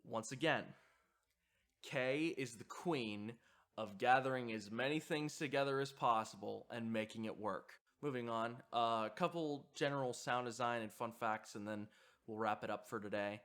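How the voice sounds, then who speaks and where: Guy doing a video essay, kinda halting, lots of uhs and restarts, normal pitch. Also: fairly bright tone. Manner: hesitant, frequent fillers and restarts. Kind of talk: reflective commentary on horror sound design.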